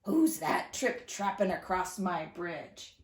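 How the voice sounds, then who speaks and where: A woman voicing a grumpy old male troll under a bridge, with a slow, gruff, menacing challenge. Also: fairly low pitch, expressive, pitched below the performer's own voice. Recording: echoey room.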